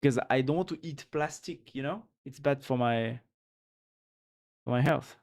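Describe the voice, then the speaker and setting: A man's voice: mid-range voice, a little slow, a little mellow. A man with a French accent chatting casually on a live stream, reading out and answering his chat in a rambling, giggly way. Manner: chatty, reads chat aloud and thanks followers.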